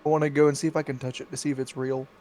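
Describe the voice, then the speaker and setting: A man playing a tabletop game over an online call, talking in a deadpan, playful way. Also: medium pitch, very fast. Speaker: player. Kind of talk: casual game chat.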